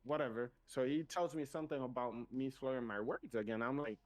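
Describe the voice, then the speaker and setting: A man with a non-native accent tells a story on a casual podcast. He acts out both sides of the exchange in a lively way. His pitch sits in the middle for a man. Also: a little fast. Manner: animated retelling, acting out both sides of a conversation. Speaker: podcast co-host.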